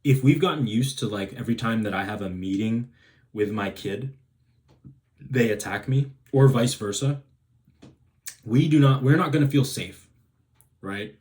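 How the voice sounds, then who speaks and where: A man's voice: mid-range voice, measured pace, pauses often, a little mellow. A man hosting a self-help video who talks in a rambling, casual way, restarting sentences and checking in with "right?". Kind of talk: casual advice monologue.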